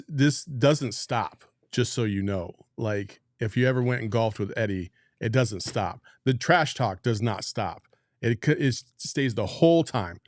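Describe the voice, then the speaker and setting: A man's voice: on the low side, no echo. Laid-back male podcast host, dry sound. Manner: laid-back, laughs often, quick teasing banter. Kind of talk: casual podcast chat.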